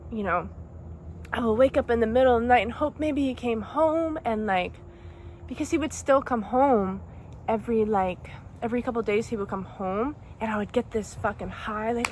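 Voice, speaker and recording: A woman's voice: on the high side, slight background noise. Emotional young woman venting a breakup story. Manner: emotional, rambling, says "like" and "dude" a lot. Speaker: vlogger. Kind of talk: casual storytime monologue.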